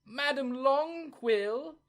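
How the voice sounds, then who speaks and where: A man's voice: fairly high pitch, wildly swooping pitch, normal speed, voice pushed up, full character voice. A man voicing a brusque gate attendant in a tabletop game. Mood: gruff.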